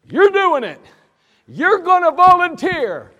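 A man acting out an angry army sergeant who barks and shouts orders at his troops. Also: extremely high pitch, sing-song, takes it slowly, in a large hall, pitched above the performer's own voice, heavily acted. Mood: yelling, enraged. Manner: barking orders, yelling.

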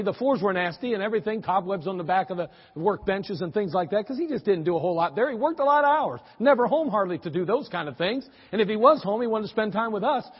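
A man with a high, husky voice preaches in a folksy, joking storytelling style and leans on repeated phrases. The sound is dull and muffled, with a long hall reverb trailing behind every line. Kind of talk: sermon storytelling.

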